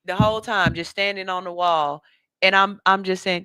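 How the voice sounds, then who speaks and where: A woman hosting a radio show, telling a story to her listeners in a casual, animated way and calling them "y'all". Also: medium pitch, moderate pace, clean tone, no room sound, studio quality. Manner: animated, talks straight to the audience as "y'all"; slips into soft, hushed voices when quoting people.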